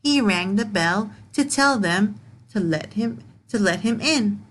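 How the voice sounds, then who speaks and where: A woman teacher reading a picture book aloud to young learners, explaining words slowly and asking questions. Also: medium pitch, animated, fairly bright tone. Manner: slow, repeats and explains words, asks questions.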